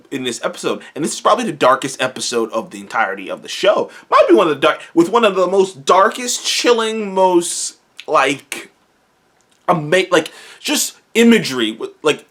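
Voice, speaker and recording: Excited rambling male reviewer, bright voice. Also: mid-range voice. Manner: rambling and excited, with frequent restarts and self-corrections. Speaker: TV episode reviewer. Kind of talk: casual spoken video review.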